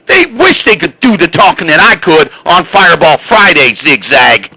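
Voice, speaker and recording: A man chattering on CB radio as the channel's host, boastful and loud, hailing others over and over. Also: fairly high pitch, sing-song, normal speed, few pauses, slightly rough, dry recording, low-quality recording.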